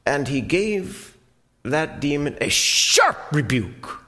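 Slow theatrical male storyteller. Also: on the high side, very animated, bright, forceful tone. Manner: theatrical, dropping to whispers. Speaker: preacher. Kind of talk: dramatic Bible storytelling.

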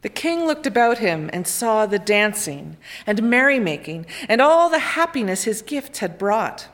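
A woman reading a children's picture book aloud in an expressive, lively storytelling way. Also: mid-range voice, unhurried.

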